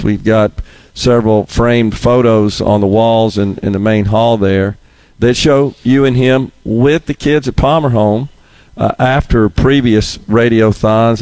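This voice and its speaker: A man hosting a live radio fundraiser broadcast, speaking in a measured way with occasional fillers. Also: lowish voice, a little mellow, dry recording. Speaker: radio host.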